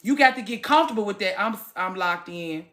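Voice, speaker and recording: A woman in her late thirties, chatting casually to her viewers from the gym. She talks in an animated way, swings between loud and soft, and swears freely. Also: medium pitch, brisk. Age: late 30s. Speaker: vlogger. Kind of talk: casual chat to camera.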